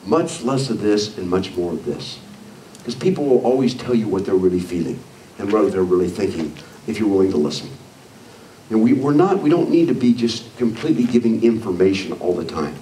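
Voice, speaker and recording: A man giving an energetic motivational leadership training talk to an audience, acting out quoted people in lively voices. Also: on the low side, a little fast. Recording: echoey hall, mic from far off, faint noise.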